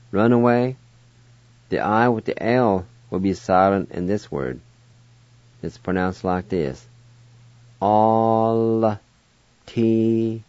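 A man giving a radio language lesson, spelling each word letter by letter and then pronouncing it with careful, deliberate patience. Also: fairly low pitch, a little mellow, no echo, muffled recording. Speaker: language teacher.

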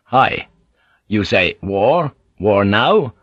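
A man voicing a wary male English sailor who speaks in careful, halting broken phrases. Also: on the low side, sing-song, no room sound, full character voice. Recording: dull lo-fi audiobook recording.

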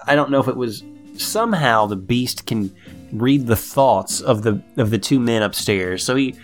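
Male co-host, mid pitch, easygoing recap chat, faint music bed. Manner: animated retelling, acting out quoted lines. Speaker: podcast co-host. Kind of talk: casual chat recapping a TV episode.

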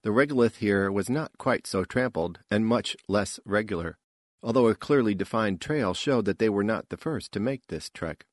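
A man narrating an audiobook in an unhurried, expressive manner. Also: fairly low pitch, dry recording. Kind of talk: scripted narration.

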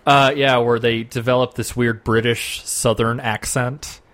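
Young male co-host, chatty, quick to laugh, goofy bits of voices. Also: mid-range voice, level tone, fairly bright tone. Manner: chatty, laughs often, jumps into silly voices. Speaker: podcast co-host. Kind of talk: casual chat.

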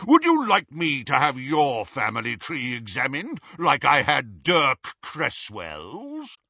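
A man's voice: a little high, big pitch swings, a little slow, bright, forceful tone, husky, no echo, highs cut off, pitched above the performer's own voice, heavily acted. A man voicing a young wizard who gives orders in a commanding, urgent way. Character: young wizard posing as an imposing official.

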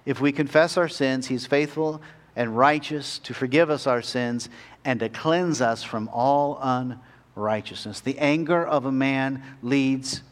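A man preaching a sermon as a pastor, earnest, climbing to pleading peaks and then dropping soft and slow. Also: medium pitch.

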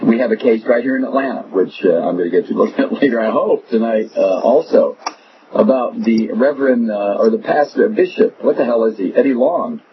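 A man's voice: mid-range voice, fairly quick. Sarcastic male talk radio host. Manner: mocking, sarcastic, digressive. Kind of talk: opinionated talk radio monologue. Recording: muffled radio broadcast with noise.

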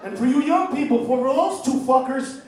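A middle-aged man doing a stand-up routine on stage, ranting profanely and often shouting. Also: very high voice, expressive, normal speed. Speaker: stand-up comedian. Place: stage before a live audience. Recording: echoey venue, distant mic, crowd laughter. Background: audience laughter and room noise.

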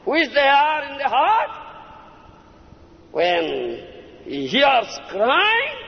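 High-voiced man giving a sermon. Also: wildly swooping pitch, very slow, long pauses. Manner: keeps prompting listeners with "Huh?" and "Understand?". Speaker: spiritual teacher. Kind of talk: devotional discourse to disciples. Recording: lo-fi recording in a reverberant hall.

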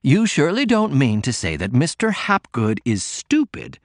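A man's voice: medium pitch, wildly swooping pitch, moderate pace, no room sound, studio quality, pitched above the performer's own voice. A man reading an icy society matron. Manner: icy, demanding. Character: woman, cold and disapproving society matron.

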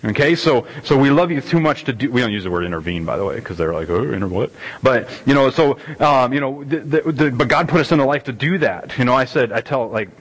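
A man's voice: medium pitch, expressive, fast talker, few pauses. Male pastor, casual rambling preacher who acts out quotes, in a reverberant hall. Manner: rambling, self-deprecating, with many restarts and acted-out quotes. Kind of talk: conversational sermon. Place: church hall. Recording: long reverb of a church hall.

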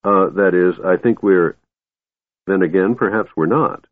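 A man voicing a shrill, curious and cheeky male kender in a storybook reading, chatty and lofty, on a tinny phone-like recording. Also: measured pace, dry recording. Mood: puzzled. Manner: chatty, lofty, easily wounded.

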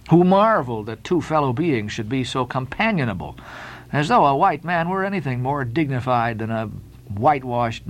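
Man, audiobook narration, dramatic delivery, animated intonation. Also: mid-range voice, rough recording. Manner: dramatic, expressive reading. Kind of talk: scripted narration of a classic novel.

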